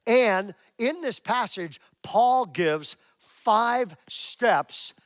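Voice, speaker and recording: A man's voice: high voice, expressive, extremely slow, no room sound, studio quality. A man in his sixties, a pastor preaching a sermon to a church congregation, telling a story with animation and acting out his own prayers. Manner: asks the congregation questions.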